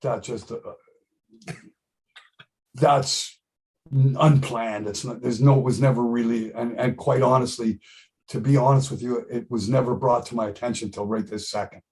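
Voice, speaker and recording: A man's voice: mid-range voice, steady tone, normal speed, darkish tone. A middle-aged man, a musician guest in a casual interview, talking emphatically, repeating himself and swearing freely.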